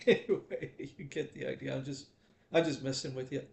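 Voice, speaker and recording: Gravelly, preachy gaming streamer man. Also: mid-range voice, moderate pace, a little mellow. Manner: chatty, preachy, teasing. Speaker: live streamer. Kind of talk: casual live-stream rant. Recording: echoey room.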